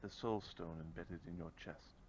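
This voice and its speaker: A man's voice: deep voice, steady tone, moderate pace, a little mellow, slightly rough. A man playing a tabletop game, asking brief, direct questions. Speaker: player. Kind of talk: casual tabletop play. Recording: dull lo-fi mic.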